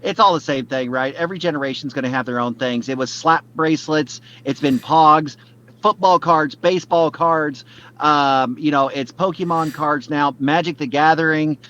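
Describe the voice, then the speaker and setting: Podcast co-host, man, slightly high voice, rambling casual delivery, dull lo-fi sound. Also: normal speed, fairly bright tone. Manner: rambling, lots of fillers and restarts. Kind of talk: casual chat.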